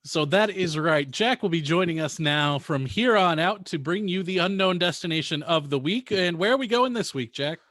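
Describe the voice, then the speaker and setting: A man hosting a travel podcast in relaxed, easygoing casual chat. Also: a little high, moderate pace, few pauses, dry recording, clean studio sound. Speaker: podcast host.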